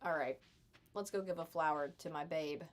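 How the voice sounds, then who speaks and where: A woman's voice: low-pitched, moderate pace. A young adult woman chatting casually with her live stream chat while gaming, sarcastic and chatty.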